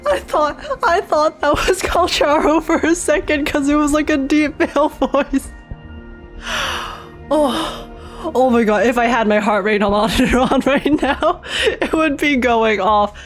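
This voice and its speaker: Excitable woman streamer, squealing. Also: sits high, unhurried, soft background music. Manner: excitable, squealing, chatty with viewers. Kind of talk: live gacha reaction stream.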